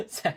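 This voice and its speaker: A live-stream host chatting casually with viewers while crafting at home, easily sidetracked and laughing often. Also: fairly bright tone. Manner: talks to live chat. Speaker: livestream host.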